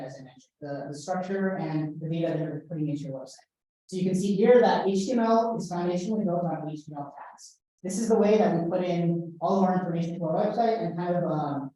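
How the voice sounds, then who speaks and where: A woman's voice: lowish voice, warm tone, distant mic. A young woman teaching a workshop in a casual classroom manner, hesitant, with many fillers and restarts. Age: young adult. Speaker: workshop instructor. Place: lecture room. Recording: roomy echo, voice from afar.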